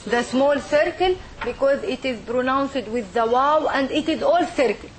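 A woman's voice: high voice, lively intonation, unhurried. A woman teacher leading a classroom lesson, patiently modelling sounds and checking in with "okay?". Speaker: language teacher. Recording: classroom with group of students.

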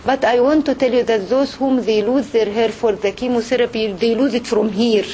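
A woman's voice: a little high, moderate pace, hardly any pauses, darkish tone, a little hiss or hum, rough recording. Earnest middle-aged woman telling stories. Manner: earnest, emotional storytelling, direct address. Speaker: pediatrician giving a religious talk to women. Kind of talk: heartfelt religious talk.

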